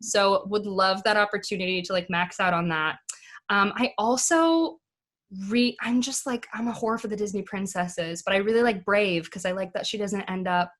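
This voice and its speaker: A woman's voice: mid-range voice, fairly bright tone. A young American woman, an actress, chatting on a podcast in a bubbly, rambling way full of asides. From United States. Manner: bubbly, lots of "like" and quick asides. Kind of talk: casual chat.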